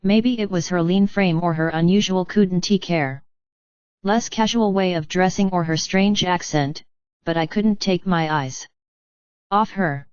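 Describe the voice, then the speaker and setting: A woman narrating an audiobook in a measured, even storytelling read. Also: fairly low pitch, clean tone, no echo, highs cut off. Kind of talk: scripted narration.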